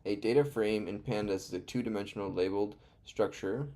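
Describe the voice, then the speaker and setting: A young man live-streaming himself learning to code, muttering and reading code aloud as he types, hesitant and full of pauses. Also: on the low side, mellow.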